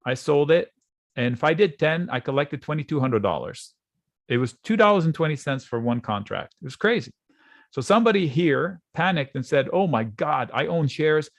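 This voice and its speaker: A man teaching options trading in a relaxed, conversational way, acting out panicked traders in quick asides while he draws on charts. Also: fairly high pitch, vocal fry, no room sound. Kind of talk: screen-share trading lesson. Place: at a computer, drawing on charts.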